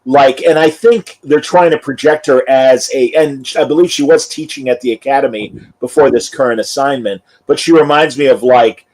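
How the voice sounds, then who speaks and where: A man's voice: mid-range voice, moderate pace, hardly any pauses, a little mellow, poor audio. Guy hosting a chill review podcast, mid voice, reads listener comments. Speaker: podcast host. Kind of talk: casual review chat.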